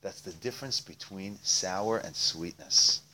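A man's voice: low-pitched, measured pace, pushed and bright, a little hiss or hum. A man telling a Hasidic tale as a religious lesson, in a conversational way with frequent fillers. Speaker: storyteller.

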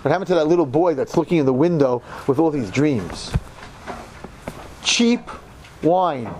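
A man in his sixties from New York telling a story in a sermon, with dramatic swings from hushed murmurs to loud outbursts. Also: on the high side, big pitch swings, measured pace, a little hiss or hum. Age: 60s. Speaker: religious teacher.

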